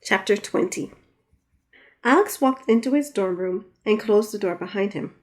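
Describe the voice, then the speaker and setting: A woman reads her own novel aloud at an ordinary middle pitch. She narrates plainly and raises her voice sharply for the characters' quarrels. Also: expressive, normal speed. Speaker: author reading her own book. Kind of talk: audiobook narration.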